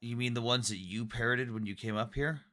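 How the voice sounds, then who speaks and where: A man's voice: mid-range voice, steady tone, brisk, fairly bright tone. A man hosting a casual online debate, talking bluntly and sarcastically with frequent swearing. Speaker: debate host.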